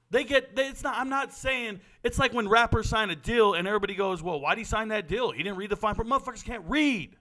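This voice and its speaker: A man's voice: sits high, fairly bright tone. A man, giving a blunt, profane monologue as a sports talk host. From Southern California. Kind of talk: impassioned monologue.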